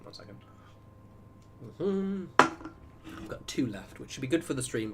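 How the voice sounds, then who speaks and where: A man's voice: medium pitch, very animated, a little slow, very noisy. Rambling man chatting on stream. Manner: rambling, self-interrupting, chatty asides to viewers. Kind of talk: casual gaming livestream chat.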